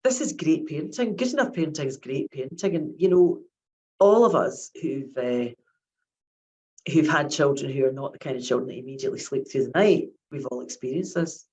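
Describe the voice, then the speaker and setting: A woman's voice: rumbling low, animated, fairly quick, a little mellow, low-quality recording. A woman, giving a chatty academic lecture on child psychiatry and often repeating her words.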